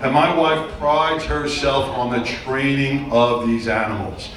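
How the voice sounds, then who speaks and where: A middle-aged man with a mid-range voice, measured pace and fairly bright tone performs stand-up in a theater for a live audience. His routine is made of loose, rambling stories with crude punchlines. The audio sounds distant and very echoey, with faint noise.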